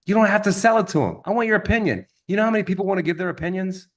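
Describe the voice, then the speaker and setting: A man giving an energetic motivational sales training talk, acting out stories with quoted voices. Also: sits high, racing, hardly any pauses.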